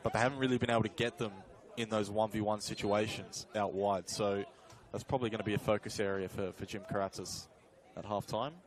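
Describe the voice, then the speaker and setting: A man with a fairly low voice offers colour analysis during a live football match. He talks in a loose, conversational way, stopping to correct himself and filling pauses with "uh.". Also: fairly even intonation. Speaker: colour commentator.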